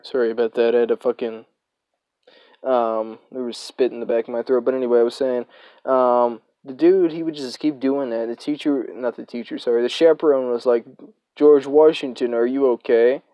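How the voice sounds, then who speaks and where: A man's voice: medium pitch, fairly even intonation, a little fast, warm tone, smooth, no room sound. A young man telling a casual storytime, rambling and swearing with lots of fillers. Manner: rambling, profane, filler-heavy.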